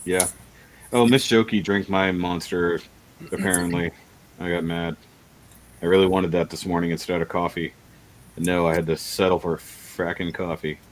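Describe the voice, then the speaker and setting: A man's voice: deep voice, steady tone, normal speed, pauses often, slight background noise, rough recording. A man hosting a casual livestream chat, rambling and laughing often. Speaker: livestream host.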